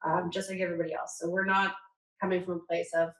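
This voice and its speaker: A woman's voice: on the low side, flat delivery, fast talker, a bit bright, echoey room, poor audio. A woman co-hosting a podcast in casual, heartfelt chat, emotional and rambling, full of "like" fillers. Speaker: podcast co-host.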